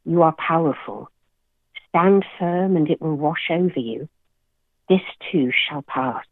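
A woman voicing a gentle, wise inner voice that speaks softly and reassuringly while she reads her poem. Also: deep voice, animated, takes it slowly, no room sound, narrow, tinny audio, full character voice. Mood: soothing.

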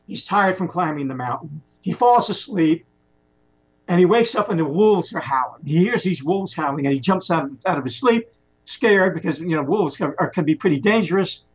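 A man telling a long story in a casual, rambling way, often restarting his words, on a muffled lo-fi recording. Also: a little high. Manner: rambling, animated retelling with many restarts.

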